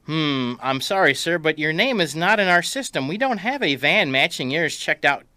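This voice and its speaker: A man's voice: a little high, lively intonation, moderate pace, sharp tone, dry recording, clean studio sound. A man voicing a polite, hesitant car rental desk clerk in a comic story. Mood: apologetic. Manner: polite, hesitant customer-service tone.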